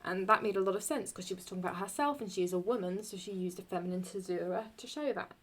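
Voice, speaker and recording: A young woman explaining Latin verse in a casual, halting way, often stopping to correct herself as she writes. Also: medium pitch, fairly bright tone. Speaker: Latin teacher.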